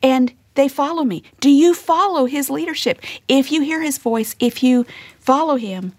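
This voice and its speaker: A woman teaching a sermon, earnest, often dropping to a hushed whisper to stress a point. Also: sits high, moderate pace, no echo. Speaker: Bible teacher.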